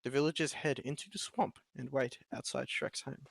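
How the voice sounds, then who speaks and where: A man's voice: medium pitch, fairly even intonation, moderate pace, vocal fry, no echo, clean studio sound. A young man reading a film script aloud to friends over voice chat, with joking asides and laughs. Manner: reads with joking asides and laughs, half-hearted character voices.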